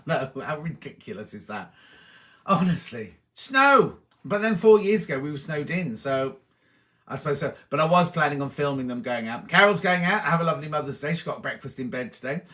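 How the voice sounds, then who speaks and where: Chatty man with a bright voice. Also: fairly high pitch, animated, a little fast. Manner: chatty, cheery, reads comments aloud and chats back to them. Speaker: host reading viewer comments on a live stream. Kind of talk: casual live chat.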